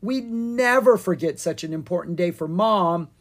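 A reader voicing an excitable young girl dragon in a storybook, speaking high and eager. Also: moderate pace.

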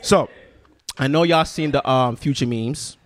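A man's voice: medium pitch, measured pace. A young man hosting a podcast, chatting casually with friends in a joking, slangy way and laughing often. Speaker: podcast host. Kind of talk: casual banter among friends.

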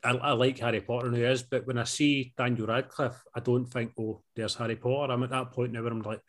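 A man's voice: medium pitch, level tone, fast talker. A Scottish man co-hosting a podcast, chatting casually about films and often asking "do you know what I mean?". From Scotland. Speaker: podcast co-host. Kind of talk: casual film review chat.

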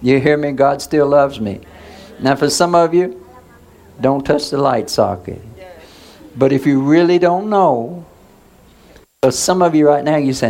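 A man's voice: a little high, measured pace, pauses often, darkish tone. A male pastor preaching in a conversational way, asking the congregation questions and waiting for answers. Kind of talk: sermon.

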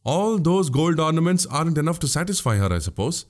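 A man's voice: on the high side, big pitch swings, a little fast, voice pushed up. A man voicing a crafty older male spy in an audiobook, needling and mocking with pointed questions. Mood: teasing. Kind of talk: audiobook character voice.

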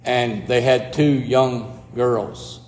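A man preaching a sermon as pastor, slow and reflective, sometimes dropping almost to a whisper. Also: medium pitch, fairly even intonation, darkish tone, long reverb tail.

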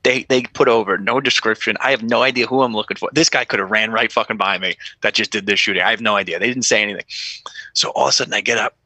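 This New York man, once a police officer, talks fast in a somewhat low voice on a dry recording. Chatting casually on a podcast, he tells stories full of swearing and acts out the dialogue with lively energy.

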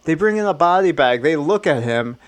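A man with a somewhat high voice improvises a horror movie plot out loud in casual chat. He talks loosely, swears, and trips over his words as he builds each scene. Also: lively intonation, fairly quick. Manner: casual, swears, frequent restarts and "like". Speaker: improv podcast co-host.

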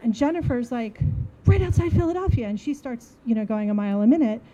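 A woman in her forties from New Jersey, telling a funny story in a casual, animated way and acting out the dialogue. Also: fairly high pitch, quick pace, highs cut off. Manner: animated, acts out dialogue, laughs while telling.

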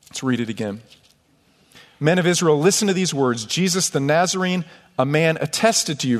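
A man preaching a sermon as pastor, emphatic, reading scripture aloud between his own points. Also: on the high side. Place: church sanctuary. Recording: long church hall reverb.

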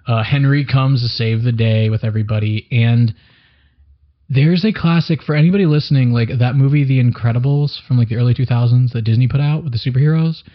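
A young man chats in a loose, rambling way, dropping casual swears, his voice at a middling pitch. The recording sounds dull and a bit lo-fi, like an amateur podcast. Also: brisk. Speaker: podcast co-host. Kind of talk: casual chat.

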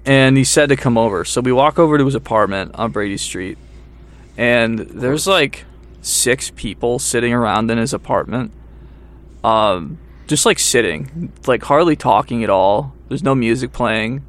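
A man's voice: medium pitch, expressive, normal speed. A young man telling a story in casual podcast chat, acting out what people said, laughing often and swearing freely. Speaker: podcast co-host.

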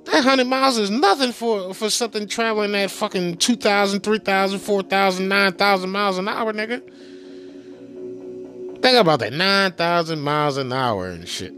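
A man's voice: high voice, normal speed, a bit bright. Profane man ranting heatedly, faint music. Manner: heated, mocking, repetitive, swears constantly. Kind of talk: profane political rant.

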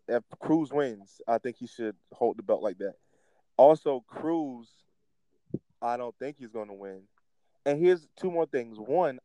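A man's voice: mid-range voice, clear, resonant tone, no echo, low-quality recording. Rambling young man talking wrestling. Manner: animated, rambling, with restarts and fillers. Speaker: podcast co-host. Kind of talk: casual wrestling chat.

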